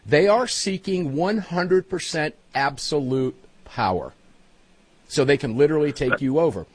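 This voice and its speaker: A man hosting a talk radio panel, animated and quick to interject. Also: on the high side, slightly rough, dry recording. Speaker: talk show host.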